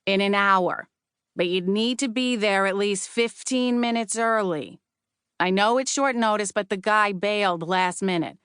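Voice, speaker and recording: A woman voicing a brash, raspy, middle-aged female booking agent with a Queens accent, who talks bluntly and quickly. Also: mid-range voice, a bit bright, no room sound, clean studio sound, close to an everyday voice. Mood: brisk. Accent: Queens, New York.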